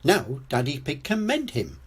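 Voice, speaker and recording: A man doing a gentle mummy pig. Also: on the high side, huge pitch swings, measured pace, breathy edge, exaggerated voice. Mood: soothing. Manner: gentle reassuring tone. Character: kind sensible mother pig.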